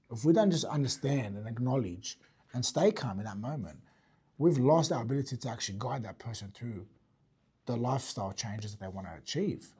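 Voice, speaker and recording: A fitness business owner teaching a group about sales. He talks blunt and energetic, swears casually and keeps checking in with "right?". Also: medium pitch, slightly rough. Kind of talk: teaching talk to an audience.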